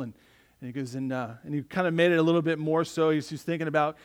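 A man preaching a sermon in a slightly higher voice than most men. He talks conversationally, often tossing quick check-in questions at his listeners as he goes. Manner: conversational, frequent tag questions. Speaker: pastor.

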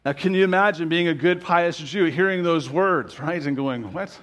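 A man preaching a conversational sermon as pastor, often checking in with rhetorical questions and slowing down to quote scripture. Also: on the high side, fairly bright tone. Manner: quotes scripture slowly and deliberately.

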